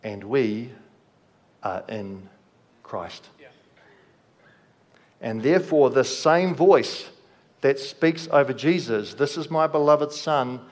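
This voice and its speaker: Slow preacher in a reverberant hall. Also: male voice, medium pitch, lively intonation. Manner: slow, measured delivery dropping soft at phrase ends. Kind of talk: sermon.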